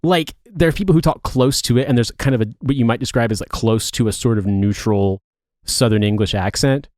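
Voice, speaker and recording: A man's voice: medium pitch, fairly quick, a little mellow, no room sound, clean studio sound. A man in his thirties, a podcast co-host from Indiana, chatting casually in a rambling, profane way with many restarts. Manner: rambling, profane, self-correcting. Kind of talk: casual chat.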